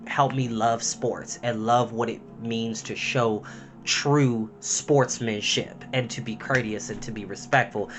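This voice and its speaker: A young man speaks straight to the camera, heartfelt and a little emotional, with a chatty flow full of "like" and "um". His voice sits at an ordinary middle pitch, and faint music plays underneath. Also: fairly bright tone. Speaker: storytime host. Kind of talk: personal talk to camera.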